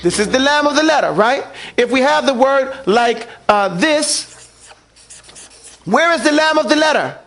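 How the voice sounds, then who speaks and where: Guy teaching quran recitation to a class, really high voice, quizzes students, has them say it back. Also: lively intonation, a little slow, a bit bright. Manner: asks the class questions and drills them to repeat. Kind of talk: classroom lesson.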